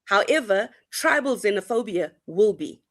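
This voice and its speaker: A woman speaking as a panelist, thoughtful and halting, with many pauses and restarts. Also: medium pitch, animated. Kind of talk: online panel discussion.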